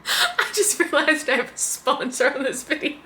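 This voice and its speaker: Young female host, casual vlog chat, bright edge, animated with frequent laughs. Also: high voice, slight background noise. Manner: animated, laughs often, quick asides. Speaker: book vlogger.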